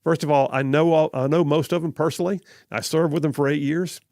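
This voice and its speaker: A man's voice: on the high side, steady tone, brisk, a little mellow, dry recording, clean studio sound. A middle-aged man with a Southern accent hosting a live call-in radio show, rambling and chuckling as he corrects himself. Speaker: radio talk show host. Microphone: studio microphone.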